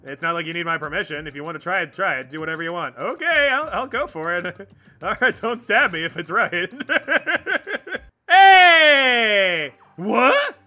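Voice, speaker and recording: High, bright, lively young man streaming a game. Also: measured pace, faint music behind. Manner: reads game dialogue aloud, swears, laughs often. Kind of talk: let's play commentary.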